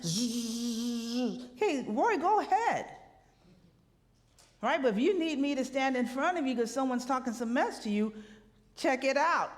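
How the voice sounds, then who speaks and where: A woman minister giving a lively, conversational sermon, often checking in with the congregation with a quick "right?". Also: high voice. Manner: animated, conversational preaching with rhetorical "right?" asides. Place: church sanctuary. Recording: long hall reverb.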